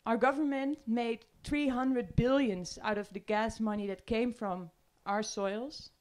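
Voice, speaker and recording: Woman, Dutch accent, fairly high voice, panel speaker, earnest and emotional. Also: unhurried, darkish tone. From Netherlands. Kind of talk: emotional public talk. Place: room with audience.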